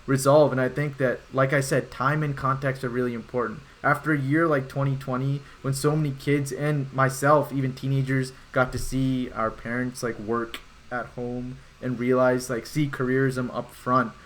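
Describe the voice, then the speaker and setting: Measured young man moderating a debate. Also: mid-range voice, flat delivery, a bit bright, a little hiss or hum. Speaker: podcast co-host. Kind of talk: casual film debate.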